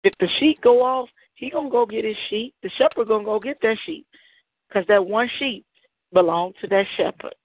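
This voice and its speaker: Woman calling in, preachy and emphatic, middle pitch, phone-line sound. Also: normal speed, no echo. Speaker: caller. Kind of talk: encouraging call-in testimony. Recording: dry, tinny phone line.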